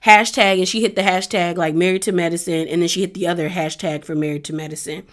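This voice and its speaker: A woman's voice: fairly low pitch, fairly even intonation, fast talker. A woman hosting a casual review of a reality show episode, chatty and laughing often as she acts out what the cast said. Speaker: reality TV recap host.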